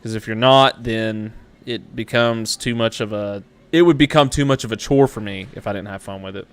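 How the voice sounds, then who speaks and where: Laughing, jokey host. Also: male voice, lowish voice, moderate pace, clear, resonant tone. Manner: jokey, laughs often, self-deprecating. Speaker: webshow host. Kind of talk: casual live-stream interview.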